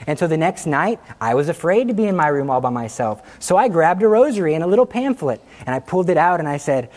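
A man in his thirties, a Catholic speaker, telling a personal faith story in an informal talk, lively and acting out voices. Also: on the high side, fast talker, hardly any pauses. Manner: animated, acts out quotes, laughs at himself. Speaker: Catholic speaker giving a testimony.

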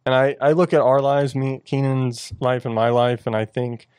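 An earnest man chatting about his faith on a talk show. His voice sits at an ordinary pitch, and he often stops and restarts mid-sentence. The sound is dry and close, with no room around it. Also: fairly even intonation, a little mellow, smooth, no room sound. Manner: earnest, halting with many restarts. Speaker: podcast co-host. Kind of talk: casual faith discussion.

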